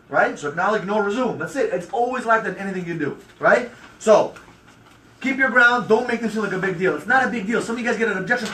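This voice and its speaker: A man's voice: sits high, animated, quick pace, pushed and bright. A man leading a sales training for a group, brash and emphatic, acting out what customers say. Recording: echoey room, mic far off.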